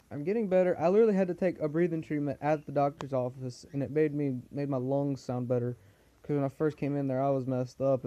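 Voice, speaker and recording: Sick teenage boy vlogging, mellow voice. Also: on the high side. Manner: rambling, complaining, with laughs. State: sick with a cold and cough. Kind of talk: casual vlog chat. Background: pet cockatiel.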